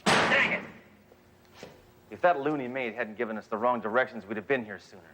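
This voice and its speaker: A man's voice: mid-range voice, fast, a bit bright, slight background noise, natural voice, poor audio. An actor playing a brash, trigger-happy male police detective in a sitcom, cocky and blunt. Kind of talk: 1980s sitcom acting.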